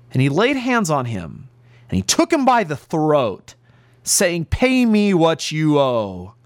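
Male pastor, animated sermon delivery, earnest and emphatic, dry close sound. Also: a little high, no room sound. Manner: earnest, emphatic preaching with drawn-out stresses. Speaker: preacher.

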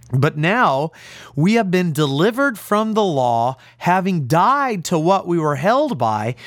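A male pastor delivers a radio sermon with emphatic force, hammering key words. His voice sits a little high and moves through a very lively pitch range. The sound is dry and close, with no room around it. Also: no room sound.

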